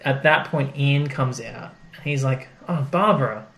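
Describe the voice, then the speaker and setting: Gravelly-voiced man chatting casually. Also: mid-range voice, steady tone, unhurried, a bit bright. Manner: chatty, acts out characters' lines while retelling. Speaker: podcast co-host. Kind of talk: casual chat recapping an episode.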